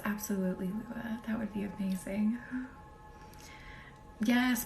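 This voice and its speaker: A woman hosting a live healing stream, speaking softly and often half-whispering as she greets viewers by name and guides them to relax. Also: mid-range voice, gravelly, a little hiss or hum. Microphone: phone or webcam for live stream. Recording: roomy room with faint music.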